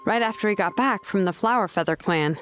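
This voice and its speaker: An actress voicing a friendly tribeswoman in a game who calmly explains things to the player. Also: medium pitch, a little fast, soft background music, natural voice. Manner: easygoing and explanatory. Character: friendly helpful tribe woman.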